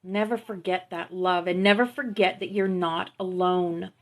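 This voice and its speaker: Woman, spiritual live-stream host, gentle, affirming, reads teachings aloud, phone mic. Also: lowish voice, steady tone, normal speed. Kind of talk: spiritual livestream talk to viewers.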